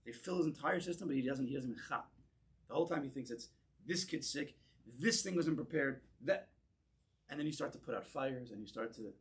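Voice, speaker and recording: A man, a rabbi, teaching a class in a synagogue, animated and drawing in his audience, often restarting words as he goes. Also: mid-range voice. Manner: animated, acts out voices in quoted lines, repeats words as he restarts. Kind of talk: lecture with audience discussion.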